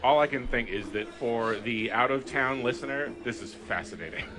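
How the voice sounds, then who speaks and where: A man's voice: mid-range voice, moderate pace. Joking man chatting in a pub. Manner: joking, teasing. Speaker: podcast co-host. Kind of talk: casual chat. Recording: pub with clear background music.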